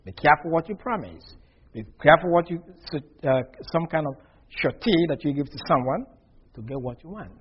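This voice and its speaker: A man preaching a sermon in an animated way, acting out dialogue and dropping from loud bursts to very soft asides. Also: fairly high pitch, a little fast, lo-fi sound, background noise. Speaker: pastor.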